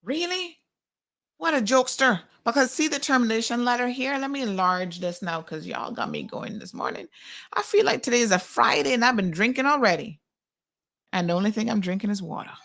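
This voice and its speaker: A middle-aged woman hosting a live commentary, talking in a sarcastic and animated way. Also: on the high side, fairly quick, gravelly. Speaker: host.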